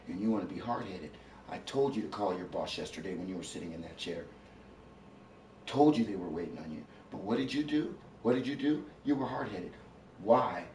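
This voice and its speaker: Low-voiced man lecturing from across an echoey room. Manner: lecturing, repetitive, swearing, rising to shouts. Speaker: partner in a home argument. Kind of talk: heated domestic argument. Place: inside a house. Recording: echoey room, voice from far off, faint hiss.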